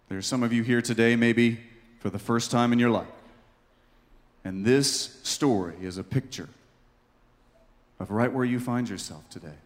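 A man's voice: mid-range voice, moderate pace, pauses often. Male pastor, fervent sermon delivery, mid-range voice, long hall reverb. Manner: impassioned, swinging from hushed to loud.

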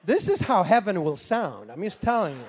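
Male pastor, swedish accent, very high voice, sermon in a reverberant hall, animated delivery. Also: moderate pace, husky. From Sweden. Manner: animated, swings from quiet asides to loud preaching.

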